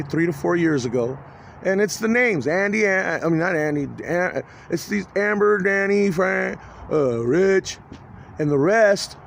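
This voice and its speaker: A man in his forties with a high-pitched voice pours out an agitated, swearing monologue to camera. He trips over his words and restarts constantly. Faint traffic noise hums behind him. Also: gravelly. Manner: agitated, profane, halting with many restarts. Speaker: vlogger. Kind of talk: rambling confessional video monologue.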